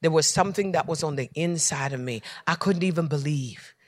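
A high-pitched male preacher delivering a sermon in a dry, close-sounding space. He swings from hushed near-whispers up to loud shouts. He circles back to repeated refrains in a preaching cadence. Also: fairly quick, no echo. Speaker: pastor.

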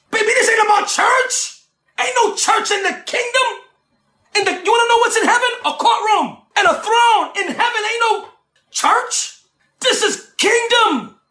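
A man preaching a fiery sermon, shouting and repeating phrases for emphasis, with bursts of speaking in tongues. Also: extremely high pitch, reverberant.

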